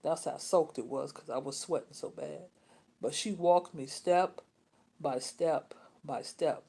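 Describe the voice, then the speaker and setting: A woman, telling a personal story in a rambling, repetitive way with many restarts and pauses. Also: low voice, vocal fry, dark tone, breathy edge. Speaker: vlogger.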